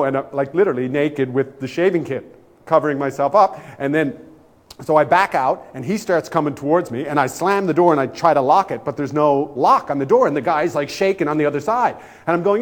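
Animated male storyteller, slightly high voice. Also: brisk. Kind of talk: comic anecdote told aloud.

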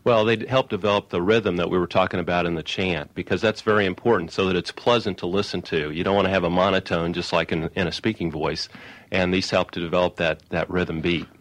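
A man's voice: deep voice, fairly even intonation, no room sound. A man who teaches auctioneering, a radio guest explaining and rattling off rhythmic auction chants. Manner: rapid rhythmic auction chant in bursts, plain explaining in between. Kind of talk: radio call-in interview, demonstrating auction chant.

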